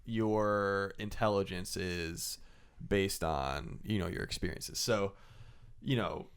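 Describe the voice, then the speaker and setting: A man co-hosting a podcast, chatting casually and offering measured counterpoints. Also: deep voice, clean tone. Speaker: podcast co-host. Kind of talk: casual chat.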